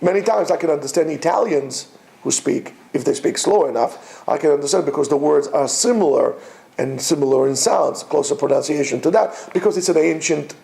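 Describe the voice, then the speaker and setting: A male teacher giving a classroom lecture, repeating words slowly and teasing his listeners with quiz questions. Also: fairly high pitch, gravelly, dark tone.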